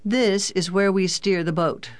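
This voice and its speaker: An audiobook narrator voicing a kind, teasing father who sounds calm and fatherly. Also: mid-range voice, measured pace, clean tone, natural voice. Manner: calm, fatherly, gently joking. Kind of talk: audiobook character voice.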